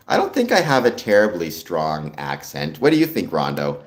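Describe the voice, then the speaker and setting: A fairly low-voiced Canadian man with a lively, swinging delivery, chatting loosely through a livestream. He reads out viewer comments and answers them in a relaxed, conversational way. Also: measured pace, few pauses. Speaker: livestream host. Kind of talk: casual live-stream chat with viewers.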